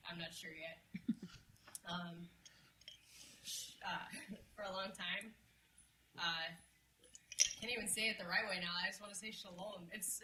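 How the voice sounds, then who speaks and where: A woman's voice: on the low side, sharp tone. Casual echoey woman guest chatting. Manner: casual, swearing, laughs often, mimics others' voices. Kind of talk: casual chat. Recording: echoey room with clear background noise.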